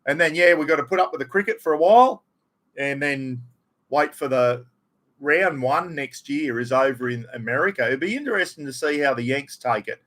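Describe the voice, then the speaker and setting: A man's voice: a little high, lively intonation, moderate pace, fairly bright tone. A middle-aged Australian man hosting a casual livestream, greeting viewers by name and chatting about his weekend and the footy. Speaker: livestream host.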